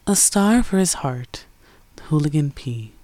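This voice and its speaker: A woman's voice: sits low, measured pace, no echo. A woman chatting casually with fillers, then reading a romance story aloud. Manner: chatty, filler-heavy intro then steady narration. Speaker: fan fiction reader.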